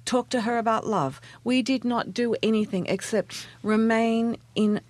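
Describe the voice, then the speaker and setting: A woman's voice: a little high, unhurried, no room sound. A woman coach in a casual interview, telling stories in an earnest way and laughing often. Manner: earnest, warm storytelling with frequent laughs. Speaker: guest, transformational coach.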